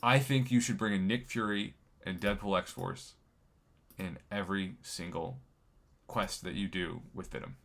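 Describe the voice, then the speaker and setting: A man's voice: deep voice, fairly even intonation, unhurried, fairly bright tone. A man hosting a live game stream, chatting casually and joking while reading viewer comments. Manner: jokey, chatty, reads viewer comments aloud.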